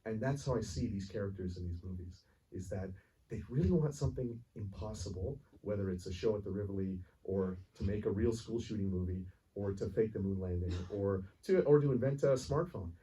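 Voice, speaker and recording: A man's voice: on the low side, brisk, warm tone. A man answering audience questions after a screening, rambling and earnest, with many restarts and frequent laughs. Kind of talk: casual Q&A answer, storytelling. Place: cinema theater with audience. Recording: distant voice, faint noise, live audience room.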